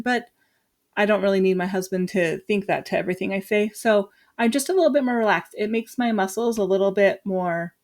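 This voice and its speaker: A woman from Utah, a teacher, chatting casually and lively as she walks through her lesson plan with quick asides. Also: medium pitch. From Utah, USA.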